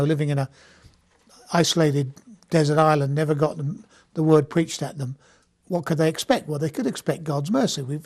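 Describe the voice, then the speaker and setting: A man's voice: fairly high pitch, a little mellow. A man giving an informal Bible lecture, talking conversationally with frequent restarts and checks of "okay?". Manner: conversational, repeats words and restarts, asks "okay?". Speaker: Bible study teacher.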